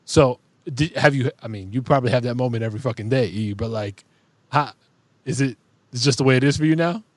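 A man with a mid-pitched, ordinary voice who hosts a relaxed podcast talk. He asks questions and tells stories from home, swearing casually and sometimes dropping into a low mutter. The sound is close and dry. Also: a little fast, no room sound. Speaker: podcast host. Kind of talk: casual chat.

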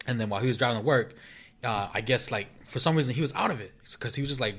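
A man's voice: fairly low pitch, fast, a bit bright. A man co-hosting a casual podcast, telling a creepy story with laughs and slang. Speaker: podcast co-host. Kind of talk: casual chat.

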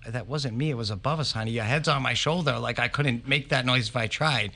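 A man guest on a live podcast interview, recounting his experiences in an animated, emphatic way. His voice is bright and forceful, with middling pitch. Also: a little fast. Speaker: paranormal investigator guest.

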